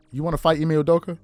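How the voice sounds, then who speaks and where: A man's voice: fairly high pitch, a little mellow, no echo. A man hosting a podcast, riffing through incredulous rhetorical questions in casual commentary. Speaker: podcast host.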